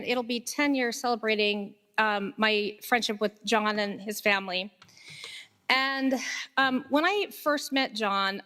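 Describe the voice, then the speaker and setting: A woman's voice: fairly high pitch, sharp tone. A woman giving a casual, conversational tribute speech at a memorial. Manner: conversational, with fillers. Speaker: memorial speaker. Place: hall at a memorial service. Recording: long hall reverb.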